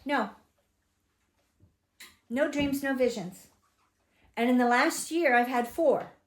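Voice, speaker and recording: A woman's voice: sits high, slow pace. An older woman giving a chatty, emphatic Bible lesson to a small home congregation, asking them questions as she goes. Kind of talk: informal Bible teaching. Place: home gathering room. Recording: echoey room.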